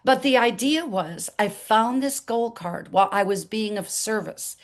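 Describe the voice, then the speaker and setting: An older woman as an interview guest, telling her story in an animated way and acting out the dialogue. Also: medium pitch, unhurried.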